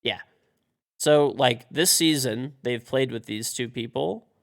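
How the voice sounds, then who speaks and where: A man live-streams a video game, giving commentary as he plays. Frustrated, he swears, mutters to himself, and talks to his teammates in a slow, creaky, mid-range voice.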